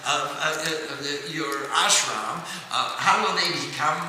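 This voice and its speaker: A man's voice: a little high, pushed and bright, full character voice. A man as a grieving old king pleading. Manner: pleading, halting. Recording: echoey hall, mic at a distance.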